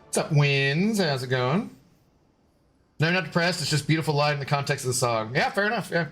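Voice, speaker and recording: A man's voice: a little high, animated, brisk, fairly bright tone, faint music behind. A man streaming a game and chatting loosely with viewers, laughing often and swearing casually.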